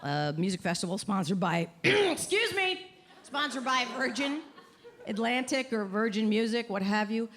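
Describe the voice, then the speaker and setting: A middle-aged woman performing a stand-up set, wry and self-deprecating, rambling and then bursting out loudly. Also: a little high. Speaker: stand-up comedian. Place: comedy club stage with live audience. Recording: live club recording with crowd noise. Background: audience laughter and cheering.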